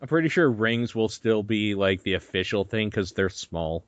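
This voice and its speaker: A young man with a lowish voice tells a story on a podcast, animated and profane, laughing as he goes. The sound is dry and a little dull, like a lo-fi home recording. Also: normal speed, dry recording. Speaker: podcast host. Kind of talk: casual chat.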